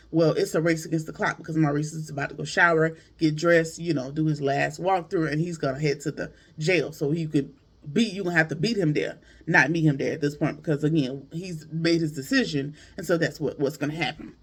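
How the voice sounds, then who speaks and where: A man casually recapping a TV episode to his viewers, chatty and animated, with slangy asides and jokes. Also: fairly high pitch, a little fast, husky. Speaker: TV show reviewer.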